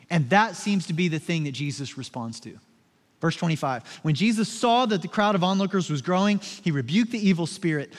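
A man with a fairly high voice preaches from the pulpit, talking to the congregation like he's chatting with them. He drops to a hushed, slow murmur, then climbs into loud, emphatic bursts. The sound rings with the long reverb of a big hall. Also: lively intonation. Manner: conversational preaching, swinging from soft and low to loud and emphatic. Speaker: pastor. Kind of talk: sermon.

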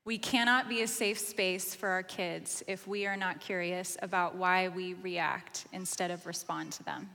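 A woman in her forties, a mother of teenagers, explaining parenting ideas in a measured, earnest way. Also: fairly low pitch, fairly even intonation, creaky, bright, forceful tone, long reverb tail. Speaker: podcast co-host, mother. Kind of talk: calm reflective explanation.

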